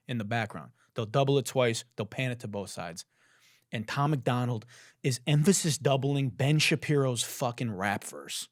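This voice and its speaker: Here a podcast host with a musician's voice mocks a song in sarcastic, profanity-laced comedic commentary, full of animated ridicule. His pitch is medium, his speed normal, and the studio recording is clean with no room sound.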